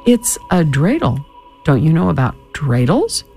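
Sly cheery trickster guy, man raising his voice for him, coaxing and playful, bouncy lively pitch. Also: a little slow, gravelly, soft background music, full character voice. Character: clever, cheerful Jewish man tricking goblins.

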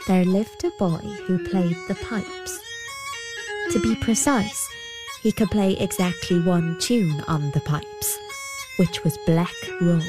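Slow, measured woman storyteller. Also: on the low side. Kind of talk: scripted folktale narration.

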